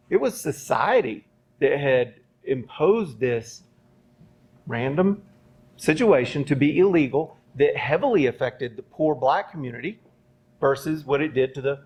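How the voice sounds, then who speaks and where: Rambling man telling a story on a panel. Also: fairly high pitch. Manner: rambling, many ums and rhetorical "right?". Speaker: panelist, former police academy trainer. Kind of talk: storytelling at a live panel discussion. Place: university event space. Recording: dull lo-fi sound.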